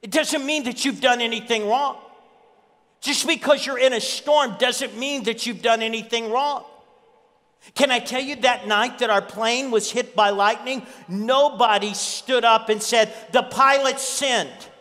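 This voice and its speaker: High-voiced storytelling preacher in a hall. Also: male voice, measured pace, a bit bright. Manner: storytelling preacher, repeats key lines for emphasis. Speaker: pastor. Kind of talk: sermon. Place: church.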